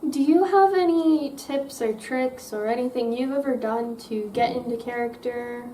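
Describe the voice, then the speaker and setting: High-voiced woman asking questions from afar. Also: moderate pace, mellow. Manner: plain, direct questions. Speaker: interview host. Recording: distant mic with clear background noise.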